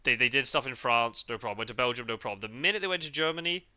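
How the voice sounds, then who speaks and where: A man from the UK hosting a podcast in a relaxed, rambling chat, full of fillers and restarts. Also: medium pitch, racing. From United Kingdom. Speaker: podcast host. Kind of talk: casual chat. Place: parked car.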